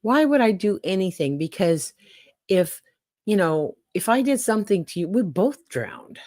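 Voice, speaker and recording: A woman voicing a sly, scheming scorpion in a told fable, with a smooth, coaxing tone. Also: mid-range voice, very animated, unhurried, a little mellow, no echo, studio quality.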